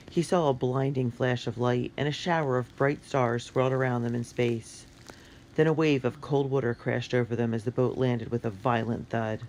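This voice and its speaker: A narrator reading a children's adventure book in a clear, steady way. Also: medium pitch, a little hiss or hum.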